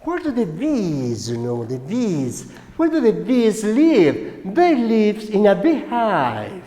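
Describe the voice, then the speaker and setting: A man with a Colombian Spanish accent, a native Spanish speaker, teaching a slow classroom English lesson and often checking with "right?". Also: high voice, wildly swooping pitch, warm tone. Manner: slow, repeats words and asks "right?". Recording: echoey room with long reverb.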